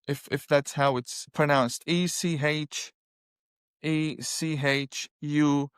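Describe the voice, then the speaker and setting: A man's voice: a little high, no room sound, clean studio sound. A man as an interview guest telling a personal story, acting out his own past words with feeling.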